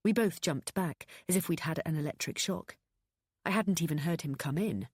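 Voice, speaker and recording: A woman narrating a thriller audiobook in an even, measured storytelling manner. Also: low voice, husky, dry recording, clean studio sound.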